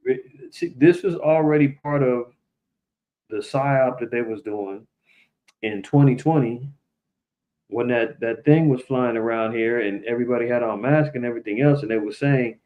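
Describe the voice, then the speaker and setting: A man's voice: expressive, moderate pace, darkish tone. A man hosting a livestream, talking loosely to his viewers and often turning to address them directly. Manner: loose and conversational, addresses viewers directly, mimics people in higher voices. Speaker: livestream host. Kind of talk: casual livestream commentary.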